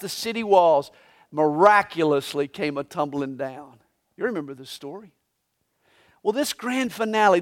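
A pastor preaching a live Sunday sermon in a church, telling the story dramatically and swinging between hushed and loud passages. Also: male voice, very high-pitched. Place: church sanctuary during a live Sunday service.

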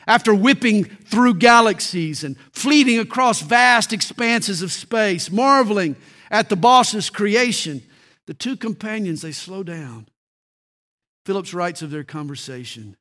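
A man's voice: high-pitched, a bit bright. A man preaching a Christmas sermon, telling stories dramatically and shifting his tempo.

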